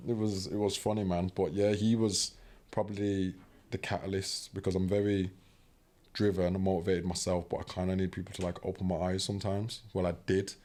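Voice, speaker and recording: Podcast guest: young British man, low voice, animated casual storytelling. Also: a little fast. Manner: animated, acts out quoted voices; fills talk with "do you know what I mean".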